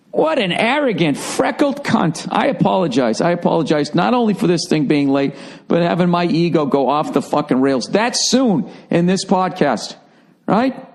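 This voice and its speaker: A man's voice: high voice, vocal fry, darkish tone. A man hosting a solo podcast, telling a rambling story full of profanity and self-mocking asides. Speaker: podcast host.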